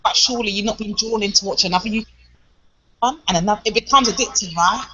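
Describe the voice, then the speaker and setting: A woman's voice: medium pitch, fast, pushed and bright. A British woman in casual chat, frank and emphatic, swearing now and then. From Britain. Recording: dull lo-fi audio with faint noise.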